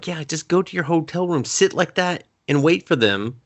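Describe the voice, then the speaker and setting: A man's voice: fairly high pitch, animated, normal speed, fairly bright tone. A man co-hosting a casual movie review chat, blunt and crude in his joking. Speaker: podcast co-host.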